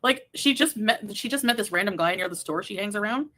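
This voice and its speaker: Woman, casual rambling talk, reads chat aloud, mid pitch. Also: lively intonation, brisk, a bit bright. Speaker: live stream guest.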